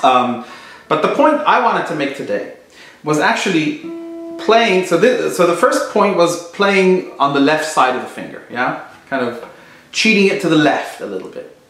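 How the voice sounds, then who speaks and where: A man's voice: fairly high pitch, very animated, moderate pace, a bit bright. A man teaching flamenco guitar technique, explaining thoughtfully and searching for his words. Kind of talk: instructional explanation. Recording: very echoey room.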